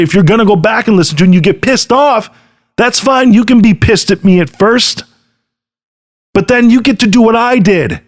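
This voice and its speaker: A middle-aged man hosting a podcast, giving an earnest motivational talk straight to the listener and often checking in with "right?". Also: high voice. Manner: earnest, direct address with frequent "right?". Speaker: podcast host. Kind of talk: motivational monologue.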